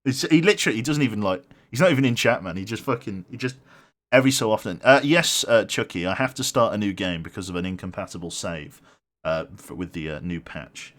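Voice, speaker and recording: A man's voice: fairly low pitch, a little fast, fairly bright tone. A man casually chatting through a live game stream, rambling, swearing freely and thanking his viewers as he plays.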